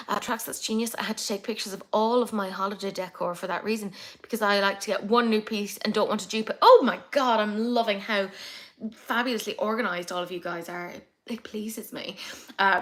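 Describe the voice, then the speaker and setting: A young woman hosting a casual makeup livestream, chatty and excitable as she reads comments. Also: medium pitch. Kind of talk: casual live chat reading comments.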